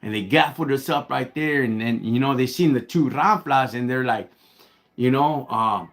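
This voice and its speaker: A man's voice: medium pitch, moderate pace. A man from Los Angeles with a Chicano English accent, telling a story in a slangy, laid-back way on a live stream and breaking off to thank his viewers. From Los Angeles, United States. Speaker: livestream host.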